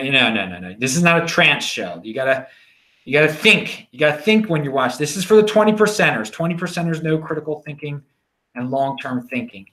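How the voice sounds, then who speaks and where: A man's voice: medium pitch, a bit bright. A middle-aged man hosting his own daily show, talking straight to camera in an emphatic, preachy way, repeating key phrases and restarting sentences as he rambles. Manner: rambling, with frequent restarts and fillers. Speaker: host of a daily cryptocurrency show. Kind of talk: casual solo video monologue.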